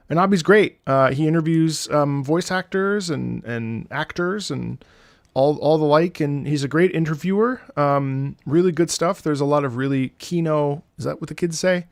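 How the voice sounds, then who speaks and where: Excitable rambling man in his late thirties. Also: on the high side, moderate pace, creaky, no echo, clean studio sound. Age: late 30s. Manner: excitable, swears freely, jumps between topics. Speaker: streamer reacting to game music. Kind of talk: casual rambling chat.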